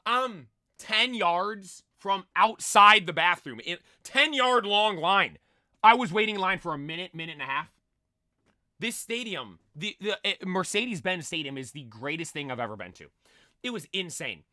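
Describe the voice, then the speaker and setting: A young man tells an excited, rambling story, tripping over fillers and restarts as the words pour out. His voice sits high and comes out very bright and forceful, a little strained from screaming, and the sound is close and dry with no room around it. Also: moderate pace, dry recording. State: voice nearly lost from screaming. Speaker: streamer telling a story.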